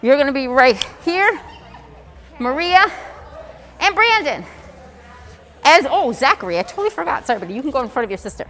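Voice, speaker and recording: A woman leads a room of children through exercises, with a very high, bright voice and upbeat counting. Her voice rings with a long reverb from the hall around her. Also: big pitch swings, fairly quick, long pauses. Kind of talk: leading a kids' exercise session.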